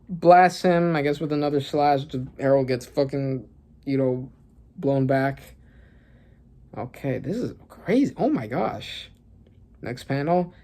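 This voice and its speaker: Excitable young manga reactor. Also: mid-range voice, slow. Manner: excitable, gasping and laughing, lots of fillers. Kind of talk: casual reaction commentary, reading panels aloud.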